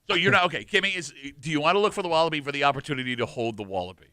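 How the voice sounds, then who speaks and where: Fast-talking radio guy, bright voice, teasing his cohosts, dry studio mic. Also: a little high, no echo. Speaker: radio host. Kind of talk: morning radio banter. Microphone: studio microphone.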